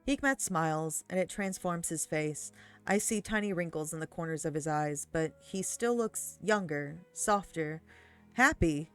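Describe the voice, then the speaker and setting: A woman's voice: low-pitched, measured pace, clear, resonant tone, soft background music. A young woman streamer reading a visual-novel game aloud with giggly, swearing commentary.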